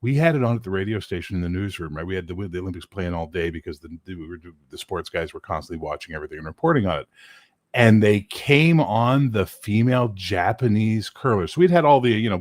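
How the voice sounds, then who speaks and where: A man's voice: on the low side, no room sound. A man in loose livestream chat who tells stories with big swings in his voice and swears a lot. He breaks into impressions mid-story. The sound is close and dry, with no room around it. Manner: animated storyteller, swears freely, mimics voices. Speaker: livestream co-host. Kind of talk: casual chat.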